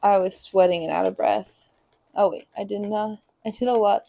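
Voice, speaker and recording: A woman's voice: fairly even intonation, moderate pace, vocal fry, mellow, no room sound. Chatty woman cooking on a stream. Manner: chatty, talks to her cats in a high sing-song baby voice. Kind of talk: casual cooking stream chat. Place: home kitchen.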